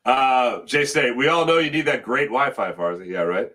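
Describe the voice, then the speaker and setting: A man's voice: medium pitch, fairly bright tone. A man hosting a sports talk stream, chatting casually as he reads out viewer comments and sponsor spots. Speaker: sports show host. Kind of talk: casual live-stream chat reading comments.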